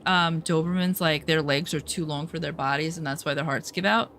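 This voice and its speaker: A woman's voice: deep voice, normal speed, fairly bright tone, slight background noise. A young adult woman streaming and telling a story in casual chat, sarcastic and profane, over faint music. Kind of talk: casual chat while gaming.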